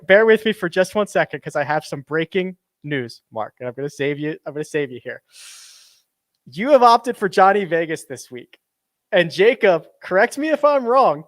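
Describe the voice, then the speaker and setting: A man hosting a golf show, animatedly breaking news to his co-hosts in excited banter. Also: sits high, no room sound. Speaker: podcast host. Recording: dry close mic.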